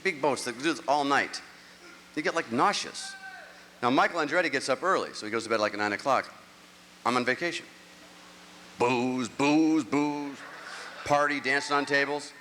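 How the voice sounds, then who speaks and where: A man's voice: medium pitch, a little fast, bright, forceful tone, slight background noise. A middle-aged man performing a rambling, self-mocking stand-up comedy set on stage. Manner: rambling, self-mocking storytelling with act-outs. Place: large live venue, on stage. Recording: live show audio with long hall reverb.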